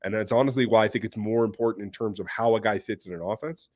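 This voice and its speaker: A man's voice: on the low side, steady tone, fast, a little mellow, no echo, clean studio sound. Blunt, opinionated male sports host. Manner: blunt, opinionated, reads viewer questions. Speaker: podcast host. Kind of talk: casual sports chat reading live chat.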